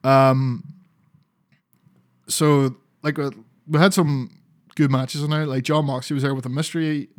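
A man's voice: mid-range voice, level tone, unhurried, pauses often. A man co-hosting a podcast, chatting casually about wrestling, rambling, swearing often and laughing a lot. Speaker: podcast co-host.

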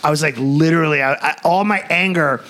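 A man in his forties co-hosting a podcast, telling an animated story with swearing and sudden jumps in pitch. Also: fairly quick. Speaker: podcast co-host. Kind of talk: casual chat. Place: Los Angeles.

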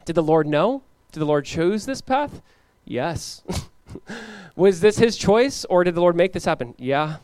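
Animated man preaching a sermon. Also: sits high, clean tone, no room sound. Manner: animated, acts out biblical characters in quick voices. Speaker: pastor. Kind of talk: expository sermon.

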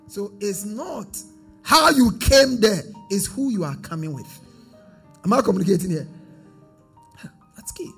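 A man's voice: sits high, lively intonation, measured pace, vocal fry, pauses often, fairly bright tone, slightly rough, soft background music. A man preaching a sermon as pastor, drifting into a sing-song cadence and calling for the congregation to repeat after him.

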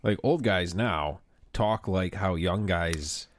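A man's voice: sits low, slow pace. A man who plays guitar in bars, chatting casually, joking and swearing freely. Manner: joking, swears freely, mocks with put-on voices. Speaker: podcast co-host, bar musician. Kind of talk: casual chat.

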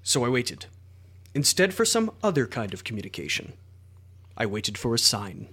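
A man's voice: mid-range voice, big pitch swings, normal speed, fairly bright tone, slightly rough, voice pushed down, heavily acted. A man putting on a Russian accent to voice a solemn, brooding old mystic prophet in a dramatic podcast reading. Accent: put-on Russian.

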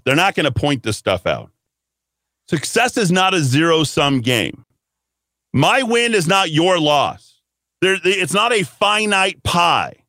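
A man's voice: sits high, bright, forceful tone, no echo. A man hosting a talk radio show, ranting bluntly and combatively in a monologue from a radio studio. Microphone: studio microphone.

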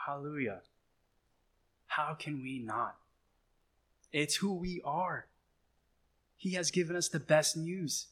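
A pastor's voice, a little high, a bit bright and husky, rises in an emphatic sermon. He speaks slowly and deliberately, returning to the same phrases and driving his message home with brief repeated calls.

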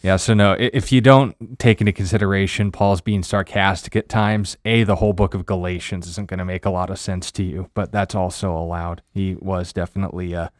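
A man co-hosting a Bible question show, answering in a quick, wry way with dry asides. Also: deep voice, fairly even intonation, dry recording. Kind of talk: casual radio Bible Q&A.

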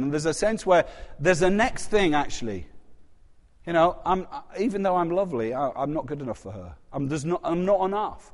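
A man's voice: fairly high pitch, animated, brisk. A man preaching a sermon in a conversational way, often putting questions to his congregation. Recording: long hall reverb.

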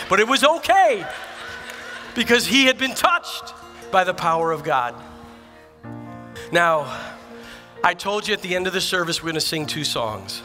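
A man's voice: on the high side, bright, forceful tone. A man preaching a sermon as pastor, telling personal stories in an earnest, emphatic way with repeated phrases. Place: church sanctuary.

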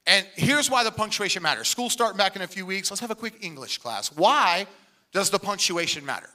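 A man's voice: high voice, lively intonation, a little fast, bright, forceful tone. A middle-aged male pastor preaching a sermon with energy and humor, often quoting people in put-on voices.

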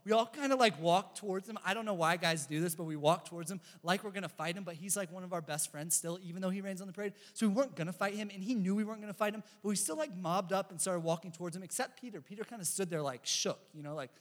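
A young man giving a casual youth sermon, chatty and animated, telling stories and reading scripture. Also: high voice, quick pace, hardly any pauses. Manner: animated, chatty, lots of "like" and "bro". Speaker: youth pastor. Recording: echoey hall reverb.

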